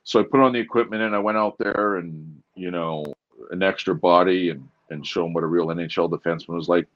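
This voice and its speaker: Very deep-voiced laid-back Canadian man. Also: fairly even intonation, fairly quick, fairly bright tone, highs cut off. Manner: laid-back, storytelling, says dude. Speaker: guest, former pro hockey player. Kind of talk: casual interview chat.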